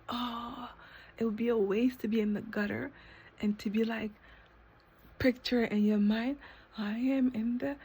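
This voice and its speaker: A woman with a husky, somewhat high voice pours out an emotional monologue to herself. She repeats phrases, swears freely and sometimes sinks to a whisper, with halting restarts when feelings run high. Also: a little mellow. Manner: impassioned, repetitive, swearing, sometimes dropping to a whisper. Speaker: vlogger. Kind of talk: emotional self-talk monologue.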